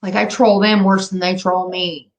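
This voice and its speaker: A woman's voice: on the low side, flat delivery, moderate pace, rough recording. A woman in her fifties runs a live stream and talks straight to her chat. She is brash and profane and taunts her viewers. She has been drinking as she talks. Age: 50s. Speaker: livestream host.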